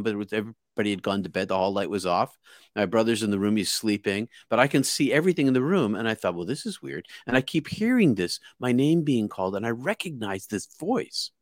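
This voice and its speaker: A man's voice: on the low side, lively intonation, fairly quick, dry recording, studio quality. A man from outside Boston tells a personal story in an earnest, vivid way, restarting and repeating words as he goes. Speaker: guest. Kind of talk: casual spoken storytelling.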